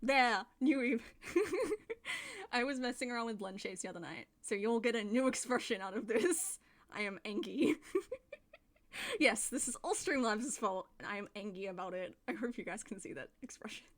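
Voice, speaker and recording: Chatting casually while gaming on a live stream, this woman speaks at normal speed with a somewhat high voice and lively intonation into a desk mic. She giggles a lot and often pokes fun at herself.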